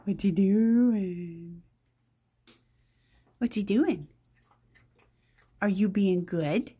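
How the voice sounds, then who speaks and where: A woman's voice: medium pitch, very slow, mellow, slightly rough. A woman filming her pet cockatoo on a phone at home, scolding it and cooing at it in playful baby talk. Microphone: phone held in hand.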